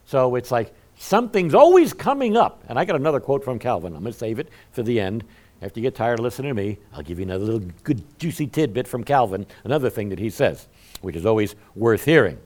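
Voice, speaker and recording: A man with a mid-range voice talks fast while delivering a conversational sermon as a pastor. He's animated and funny, telling self-deprecating stories and addressing his congregation directly.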